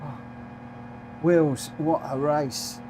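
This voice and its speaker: Chatty uk guy hosting his racing game stream, reads out results and chat, kinda higher voice. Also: steady tone, drawn-out words, background noise. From United Kingdom. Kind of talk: live-stream commentary.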